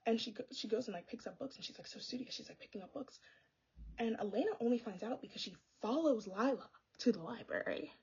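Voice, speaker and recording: A woman's voice: fairly high pitch, animated, fast, a little mellow, husky, dull audio. A young woman ranting about a book in a sassy, exasperated, casual vlog style. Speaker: book vlogger. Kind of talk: casual chatty book review.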